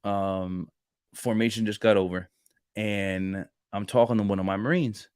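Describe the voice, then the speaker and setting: A man in his thirties co-hosting a podcast, chatting casually about faith and telling stories with lively acted-out dialogue. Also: lowish voice, measured pace, clean tone, no echo, clean studio sound. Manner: animated storyteller who acts out dialogue and restarts often. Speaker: podcast co-host. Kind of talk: casual faith chat, storytelling.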